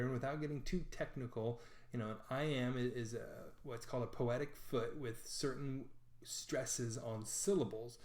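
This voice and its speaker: A man talks through a literature lesson in a relaxed, conversational way, filling his sentences with small fillers and poking fun at himself. His mid-pitched voice bounces around a noticeably echoey room. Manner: conversational, self-deprecating, with frequent fillers. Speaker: teacher explaining literature. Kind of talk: casual educational explainer.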